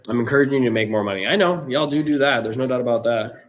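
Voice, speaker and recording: A man's voice: medium pitch, fast talker, background noise. A man hosting a live trading stream, talking casually and loosely with slang, reacting to viewers' chat. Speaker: livestream trading host.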